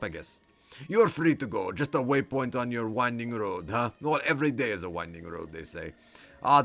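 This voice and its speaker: A man voicing a suspicious, rambling male village guard in a put-on French accent, blustering and then chatty and crude. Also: mid-range voice.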